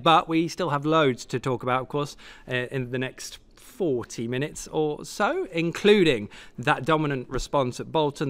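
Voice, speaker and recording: A man's voice: fairly high pitch, fairly bright tone. Chatty male football show host. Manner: chatty, jokey, quick asides. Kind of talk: live football show hosting. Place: football stadium venue.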